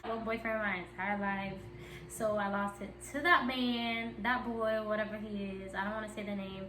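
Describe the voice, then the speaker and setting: A woman's voice: mid-range voice, steady tone, moderate pace, pushed and bright, a little hiss or hum. A young woman vlogger telling a candid personal story in a chatty, giggly way. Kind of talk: casual storytime chat. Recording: echoey room.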